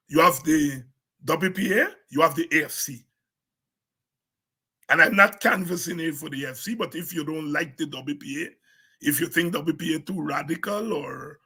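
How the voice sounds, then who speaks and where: A man with a Guyanese accent giving an impassioned political address as a party leader, forceful and emphatic, repeating words for stress. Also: sits high, creaky, breathy edge.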